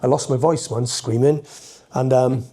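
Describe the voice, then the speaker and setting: A middle-aged Welsh man and entertainer, telling rambling, animated stories in a podcast conversation, full of restarts. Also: medium pitch, normal speed, husky. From Wales.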